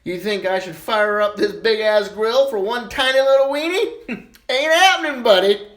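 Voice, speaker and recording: A man voicing a sassy, fed-up wife, loud and mocking. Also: fairly high pitch, animated, takes it slowly, echoey room, pitched above the performer's own voice.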